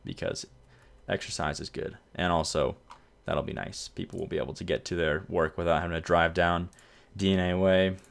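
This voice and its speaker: Speaking at a normal speed in a deep voice with vocal fry, this let's-play host chats casually through a city-builder. He meanders and keeps revising what he's just said.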